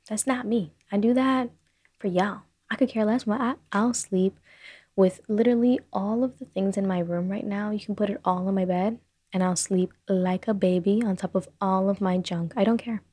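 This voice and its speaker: Young woman, podcast host, rambling, self-deprecating, mellow voice, dry close sound. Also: mid-range voice, no room sound. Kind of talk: casual solo podcast chat. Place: her bedroom. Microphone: desk microphone on a short stand.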